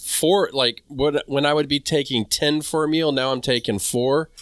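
A man's voice: fairly high pitch, steady tone, normal speed, no echo, studio quality. A man co-hosting a casual gardening talk, chatty and candid, often stopping to rephrase himself. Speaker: podcast co-host.

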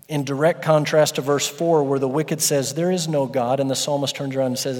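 A man preaching a sermon as a pastor, emphatic, with dramatic pauses and stressed words. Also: mid-range voice, darkish tone. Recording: long church-hall reverb.

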